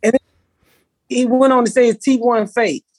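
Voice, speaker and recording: A woman's voice: a little high, steady tone, normal speed, a little mellow, husky, no room sound. A woman comedian co-hosting a podcast, talking in a blunt, profane, joking way. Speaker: comedian co-host. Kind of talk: casual podcast chat.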